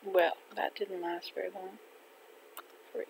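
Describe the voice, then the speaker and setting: An older woman from Canada chatting casually to herself while playing a video game, gentle and unhurried. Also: mid-range voice, level tone, gravelly, background noise. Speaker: gaming channel host. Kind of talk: casual gameplay chat. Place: home in winter.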